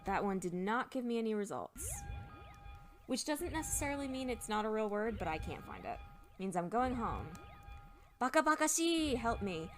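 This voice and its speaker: A woman's voice: fairly high pitch, sing-song, moderate pace, faint music behind. A young woman hosting a casual game playthrough, chatty and thinking aloud as she looks words up at her computer. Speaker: let's play host. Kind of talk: casual game commentary, explaining Japanese words.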